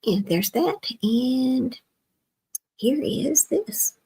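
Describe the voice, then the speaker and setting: Husky woman muttering at her screen. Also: high voice, animated, extremely slow, dark tone, rough recording. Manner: mutters to herself, often drops to a near whisper. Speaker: livestream host. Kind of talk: casual livestream talk while working the screen.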